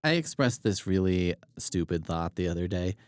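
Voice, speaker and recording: Male co-host, lowish dry voice, rambling and self-mocking asides. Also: expressive, moderate pace, clear, resonant tone, dry recording. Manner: musing, self-deprecating tangents. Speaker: podcast co-host. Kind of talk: casual book chat.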